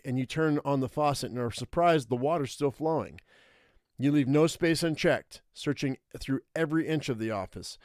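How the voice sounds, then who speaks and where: A young adult man streaming live, reading an interactive survival story aloud and thinking out loud over his choices. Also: medium pitch, no echo, clean studio sound.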